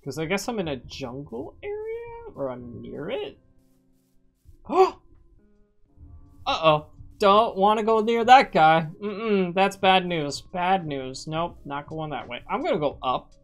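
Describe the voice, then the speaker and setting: Low-voiced woman streamer, lively and slow. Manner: jumpy, swears often, shrieks when startled. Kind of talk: casual live-stream gameplay chat. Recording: faint music behind. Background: background music.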